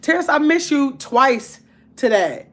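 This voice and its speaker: Woman livestream host, fairly high voice, loose conversational chat reading viewer comments. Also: sing-song, unhurried. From Wisconsin, US. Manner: chatty, greets viewers by name, colloquial.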